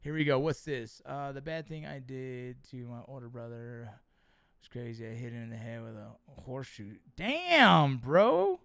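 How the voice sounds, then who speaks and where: A middle-aged man hosting a livestream, reading chat and telling stories in a casual, profane, animated way. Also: mid-range voice, moderate pace, clear, resonant tone, no room sound, studio quality.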